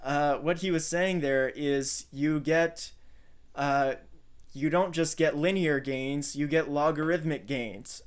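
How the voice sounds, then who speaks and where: A man's voice: a little high, slow pace, clean tone. A man hosting a channel, giving analytical commentary on clips he plays. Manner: explanatory, observational.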